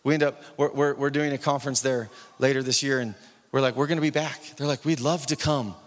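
A man's voice: mid-range voice, steady tone, fast talker, in a large hall. A man preaching a sermon as pastor, telling a story with acted-out dialogue and building to urgent exhortation.

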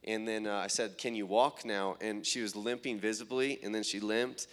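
A man telling testimonies of prayer meetings and healings, often quoting people in a raised, excited voice. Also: on the low side, normal speed. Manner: animated retelling, quoting others in raised voice. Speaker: traveling minister. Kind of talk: testimony storytelling.

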